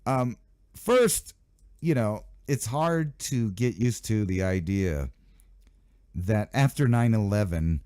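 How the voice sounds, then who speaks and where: A man's voice: lowish voice, slow, dark tone, clear, resonant tone, no room sound, studio quality. A man hosting his own channel, riffing casually and sarcastically on news headlines. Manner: rambling, sarcastic asides, mock voices of officials. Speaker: channel host.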